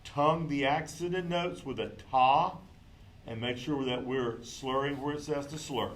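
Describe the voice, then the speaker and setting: A man's voice: mid-range voice, measured pace, low-quality recording. A man teaching a clarinet lesson, patiently counting in and calling out note names and fingerings. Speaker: music teacher.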